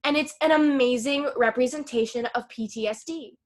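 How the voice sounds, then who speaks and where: A woman co-hosting a casual podcast, retelling a film and acting out its lines with animated swings in her voice. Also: sits high, normal speed. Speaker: podcast co-host.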